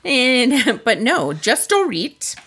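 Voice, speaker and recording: A woman's voice: a little high, sing-song, takes it slowly, a bit bright, husky. A woman co-hosting a podcast, recapping a show in casual chat, candid and swearing freely. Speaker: podcast co-host.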